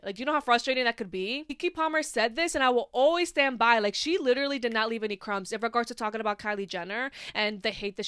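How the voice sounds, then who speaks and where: Bright, clear-voiced young woman ranting. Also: a little high, no echo, studio quality. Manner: passionate, profane, heavy use of filler "like". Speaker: podcast host. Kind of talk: casual solo podcast monologue.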